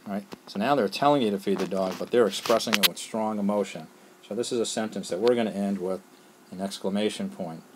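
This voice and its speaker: A patient teacher whose low voice moves through the explanation one step at a time. He keeps checking that his students follow along. A faint hiss of noise sits under the recording. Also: fairly quick. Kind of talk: classroom lesson screencast.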